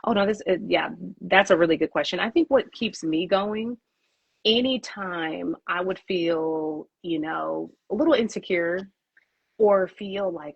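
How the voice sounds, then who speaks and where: A woman's voice: fairly low pitch, moderate pace, husky, no echo, lo-fi sound. A woman who founded a PR agency, answering interview questions with candid storytelling and acting out her own inner thoughts.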